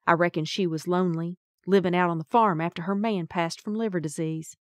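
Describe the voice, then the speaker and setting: A woman's voice: fairly low pitch, fairly even intonation, fairly quick, no echo, studio quality. A woman narrating a first-person audiobook in a wry, folksy storytelling manner.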